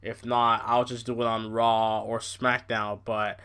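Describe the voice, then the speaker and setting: A young man hosting a casual wrestling podcast, ranting in an exasperated, animated way with frequent swearing. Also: mid-range voice, unhurried, smooth. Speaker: podcast host.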